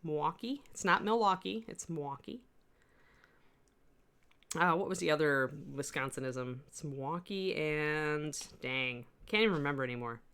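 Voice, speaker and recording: Low, bright-toned woman sculpting instructor. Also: normal speed, hardly any pauses, clean tone. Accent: slight US West Coast. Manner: chatty, rambling asides while working. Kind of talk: live-stream tutorial chat.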